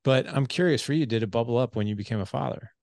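Gravelly-voiced man telling a story. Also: mid-range voice, fast, no room sound, studio quality. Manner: animated storyteller who acts out quoted dialogue. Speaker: podcast host. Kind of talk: casual storytelling conversation.

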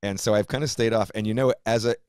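Middle-aged male host, very deep dry voice, profane and animated. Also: quick pace, smooth, no room sound. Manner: profane, animated, mimics people in put-on voices. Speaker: podcast host. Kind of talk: casual conversation.

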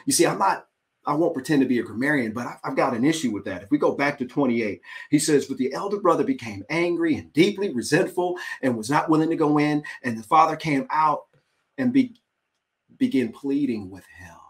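A man pastor preaching in a conversational sermon, animated and dramatic, breaking off and restarting as he thinks aloud. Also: medium pitch, a little fast.

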